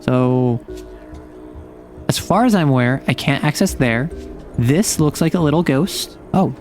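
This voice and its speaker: A man's voice: mid-range voice, expressive, unhurried, a little mellow, faint music behind. A man streaming a game and talking through it in a playful, chatty way, reacting to everything with big, exaggerated responses. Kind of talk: casual game commentary.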